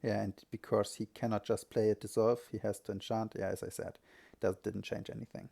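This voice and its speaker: A man's voice: on the low side, level tone, a little fast, creaky, warm tone. A man giving live solo commentary on a strategy game, thinking aloud and often correcting himself.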